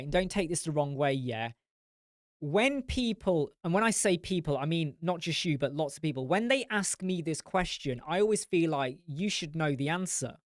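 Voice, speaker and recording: A man's voice: a little high, no room sound, studio quality. Blunt English man ranting on a live stream. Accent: English, mix of northern and southern. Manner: blunt, animated, ranting, swears freely. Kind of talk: live stream chat answering comments.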